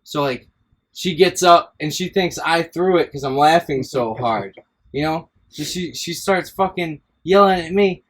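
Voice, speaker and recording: A podcast host with a fairly high voice takes his time telling casual stories from his school days. He rambles, swears and keeps breaking into laughter.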